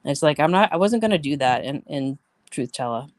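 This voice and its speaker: Brief: woman streamer, blunt and profane, chatty storyteller, lowish voice. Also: animated, a little fast, no room sound. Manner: blunt, swears freely, venting; chatty storyteller, talks to viewers. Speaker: livestream host. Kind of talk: casual live-stream chat.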